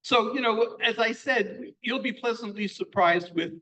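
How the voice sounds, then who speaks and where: A man's voice: very high voice, unhurried, pushed and bright, rough recording. An older man hosting a community sing-along, chatty and joking about his own memory. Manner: chatty, joking, self-deprecating.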